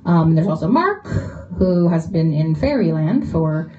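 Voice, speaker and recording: Low-pitched and sing-song, a woman author speaks unhurriedly while fielding audience questions at a bookshop panel, chatty, laughing and full of fillers. Someone in the crowd recorded it on a phone, leaving it dull and lo-fi.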